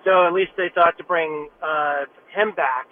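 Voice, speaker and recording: A man calls in to sports radio, speaking in a relaxed, hesitant way full of fillers. His voice is a bit high and comes through a tinny phone line with faint noise behind it. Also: measured pace. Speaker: caller. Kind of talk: call-in chat.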